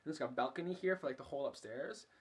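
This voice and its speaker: Husky young man telling a story. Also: medium pitch, racing. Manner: chatty, profane, filler-heavy. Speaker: vlogger. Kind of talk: casual storytelling.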